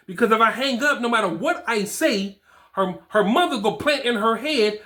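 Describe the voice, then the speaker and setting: Forties guy preaching cut-ties advice, slangy and emphatic, kinda high bright voice. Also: lively intonation, moderate pace. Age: 40s. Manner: emphatic, repeats himself, street slang. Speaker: fatherhood coach. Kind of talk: advice talk to camera.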